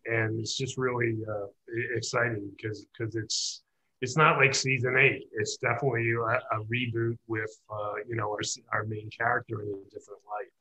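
A man's voice: on the low side, little pitch movement, moderate pace, pushed and bright, husky, low-quality recording. A man explaining matter-of-factly in casual chat on a video call. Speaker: novelist, guest.

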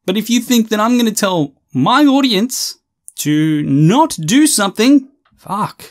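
A man giving loud, sarcastic, swear-filled reaction commentary on a video. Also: sits high, big pitch swings, measured pace. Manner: brash, sarcastic, swears constantly.

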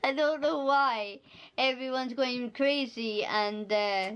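A woman's voice: on the high side, takes it slowly, noisy background. A Scottish woman chatting casually in a home vlog, giggling often and bluntly teasing her dogs. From Scotland. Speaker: vlogger.

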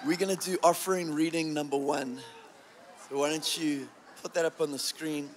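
A man with a fairly high voice leads a congregation through prayer and an offering, fervent and exhorting. He has them repeat prayers back to him in call-and-response. A faint hiss sits behind the live service sound. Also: fairly even intonation, normal speed, crowd noise. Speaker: church leader leading prayer and offering. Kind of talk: live church service address. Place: church service before a congregation.

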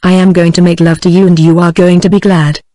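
A woman's voice: fairly low pitch, fast, dry recording, studio quality, close to an everyday voice. A British-accented text-to-speech woman's voice reading the lines of an earnest, solemn young man in love, with no change of voice. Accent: British English. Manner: flat synthetic delivery, no voice change.

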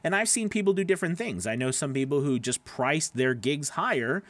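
A man's voice: a little high, lively intonation, a little fast, fairly bright tone, no echo. Chatty man rambling through advice. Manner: rambling, with many fillers and restarts; reads out and answers viewer comments by name. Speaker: voice actor hosting a live stream. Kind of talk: casual live-stream advice chat.

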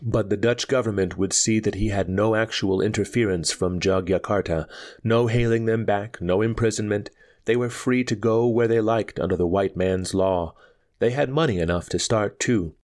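Low-voiced guy reading a pulp story, measured n dramatic. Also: a little mellow. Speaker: narrator. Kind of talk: audiobook narration.

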